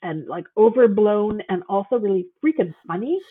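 A woman talks with gushing enthusiasm, her husky voice full of fillers. She is heard over a tinny, phone-like line. Her pitch sits in a middle range. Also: animated, moderate pace. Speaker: guest author. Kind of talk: casual chat. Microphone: phone call.

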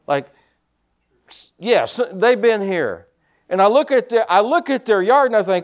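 A male pastor delivers a sermon conversationally, with frequent amens, shifting between quiet asides and louder, emphatic points. His voice is high and animated, and he takes an unhurried pace.

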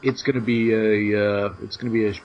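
A man's voice: fairly low pitch, level tone, brisk, lo-fi sound. A man chatting casually and wryly about their podcast channel. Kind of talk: casual chat.

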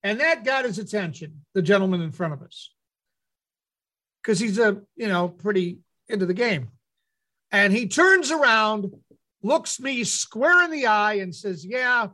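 A man hosting a radio talk show, telling a lively anecdote and acting out what people said. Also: sits high, a little slow. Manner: animated anecdote teller, acts out quotes. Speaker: radio host. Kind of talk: casual storytelling on air.

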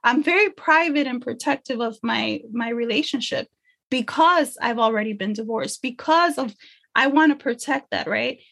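A woman's voice: a little high, moderate pace, gravelly, a bit bright. A woman empowerment coach in a casual podcast conversation, speaking earnestly and emotionally from her faith.

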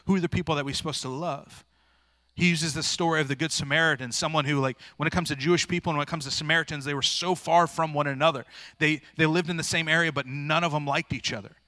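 Male pastor, informal earnest sermon delivery, tense bright tone. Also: on the high side, steady tone, fast talker, hardly any pauses, no room sound. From rural area. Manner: earnest, plain-spoken, informal with frequent restarts.

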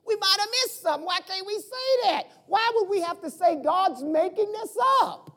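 Mid-sermon, a middle-aged pastor speaks at a normal pace with a lively voice that swoops up and down in pitch. His delivery is plain, direct, conversational, and animated, built on rhetorical questions aimed at the congregation.

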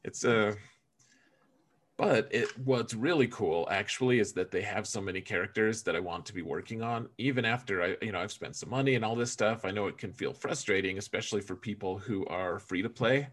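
Lower-voiced man, animated podcast co-host. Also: moderate pace. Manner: animated and joking, stammering restarts. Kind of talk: casual gaming podcast chat.

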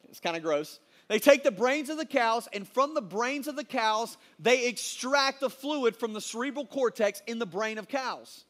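A man, most likely a youth pastor, preaching a sermon in a casual, animated storytelling style full of slang. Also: extremely high pitch, normal speed, hardly any pauses.

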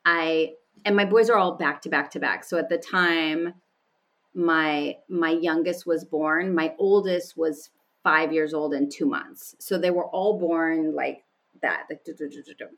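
A woman's voice: low-pitched, fairly even intonation, measured pace, fairly bright tone. A woman guest speaking candidly and with animation, telling personal stories in conversation and laughing often. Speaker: podcast guest.

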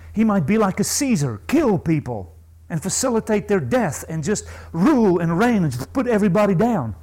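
A man preaching a sermon, emphatic, asking his listeners questions and swinging from low asides to high, ringing stresses. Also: darkish tone, poor audio. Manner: asks the congregation questions.

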